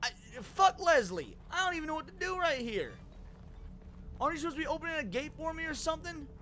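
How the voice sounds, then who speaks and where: A male streamer giving casual gaming commentary, excitable and frustrated, swearing and bantering with his chat. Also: very high voice, fast talker, a little hiss or hum.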